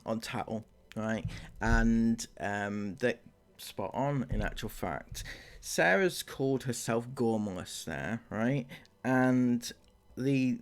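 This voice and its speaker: Man, reaction commentary, sarcastic, gravelly voice, lively pitch. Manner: mocking, sarcastic, full of fillers. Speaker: commentary channel host.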